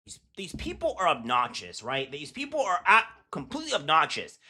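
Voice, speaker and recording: A man hosting casual political commentary, talking in a scornful, mocking way with many halting fillers. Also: on the high side, wildly swooping pitch, noisy background. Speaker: commentary host.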